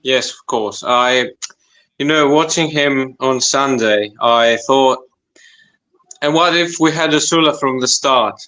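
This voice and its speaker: Slow, halting man on a panel. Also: mid-range voice, pushed and bright, poor audio. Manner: hesitant, halting, repeats himself. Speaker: panel guest. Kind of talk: casual podcast chat.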